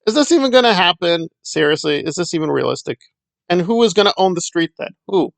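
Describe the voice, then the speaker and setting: A man's voice: high-pitched, animated, a little fast, creaky, no room sound. A man hosting a casual solo commentary, talking in a sarcastic, dismissive way. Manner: sarcastic, dismissive, with mocking quoted voices. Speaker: commentary channel host.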